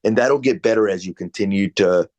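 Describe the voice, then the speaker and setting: A man's voice: on the low side, a little fast, darkish tone, highs cut off. A man coaching a salesperson over a video call, giving direct, conversational feedback. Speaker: real estate sales coach.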